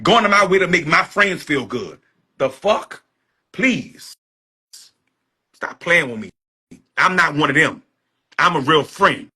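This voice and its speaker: Husky-voiced man in a heated rant. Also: a little high, lively intonation, slow pace, pauses often, pushed and bright. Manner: repetitive, blunt, profane. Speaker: social media personality.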